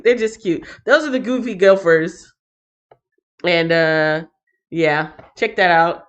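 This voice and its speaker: A woman's voice: fairly low pitch, unhurried, lo-fi sound. A woman hosting a Bible reading stream, chatting casually and animatedly with many fillers.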